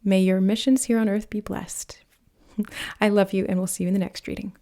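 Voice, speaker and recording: A woman giving a pick-a-card tarot reading, speaking in a gentle, earnest way that rambles a little, with soft laughs. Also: medium pitch, flat delivery, moderate pace. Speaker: tarot reader.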